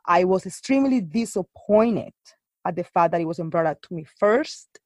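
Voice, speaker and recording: Soft-pitched woman speaking haltingly. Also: no echo. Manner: halting, restarts often, earnest. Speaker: guest. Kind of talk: casual interview conversation.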